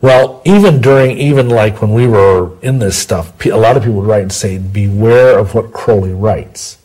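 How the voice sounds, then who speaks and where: A man's voice: fairly low pitch, dark tone, breathy edge, poor audio. A man as an interview guest, explaining things at length in a rambling, digressive way. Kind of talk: long-form interview, storytelling.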